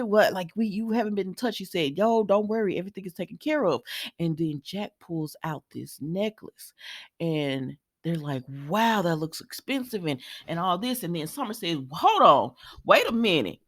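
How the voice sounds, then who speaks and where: A woman's voice: fairly low pitch, normal speed, darkish tone, no echo, clean studio sound. A woman casually recapping a soap opera episode, chatty and opinionated. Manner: chatty and opinionated, quoting characters, sighs and laughs.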